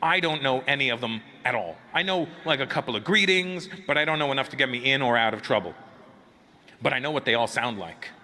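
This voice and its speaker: A man's voice: mid-range voice, brisk. A man doing a stand-up comedy routine on a club stage, telling stories and chatting with the crowd, acting out both sides of each exchange. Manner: animated, acts out both sides of conversations. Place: comedy club stage before a live audience. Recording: noisy live club recording.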